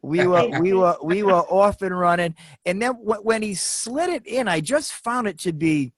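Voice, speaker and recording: A man's voice: high voice, normal speed, dry recording. A man chatting as a guest on a video call, telling a rambling story with restarts. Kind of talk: casual chat.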